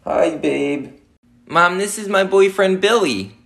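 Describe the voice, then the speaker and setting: Guy doing a high bright whiny brat girl star, demanding everything, shrieky tantrum energy, comedy skit. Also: slow, gravelly, exaggerated voice. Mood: whiny, bratty. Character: bratty spoiled girl pop star, childish. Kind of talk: comedy sketch parody.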